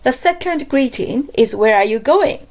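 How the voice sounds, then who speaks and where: A woman's voice: sits high, animated, normal speed, a little mellow. A woman teaching a scripted beginner language lesson, patiently drilling each phrase with repeats.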